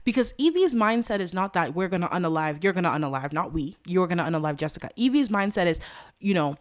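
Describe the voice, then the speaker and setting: A woman hosting a let's play, with a somewhat low voice. She narrates the gameplay like a dramatic story. Her delivery is animated, and she talks directly to her viewers. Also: fast talker.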